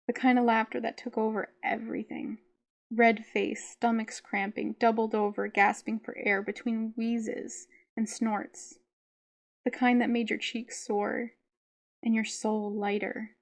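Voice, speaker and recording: A woman reading her own audiobook in a gentle, heartfelt, unhurried way. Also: on the high side, flat delivery, creaky. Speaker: author narrating her own book. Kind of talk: audiobook narration.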